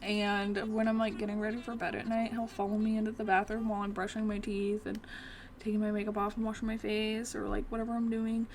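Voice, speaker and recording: A woman's voice: medium pitch, monotone, a little fast, darkish tone, a little hiss or hum. A young woman chatting casually through a gameplay session, often talking fondly to her cat. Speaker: gaming video creator.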